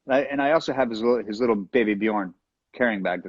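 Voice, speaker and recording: Fast-talking husky man on a dull call. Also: fairly low pitch. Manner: playful, joking, quick asides. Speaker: guest. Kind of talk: casual chat.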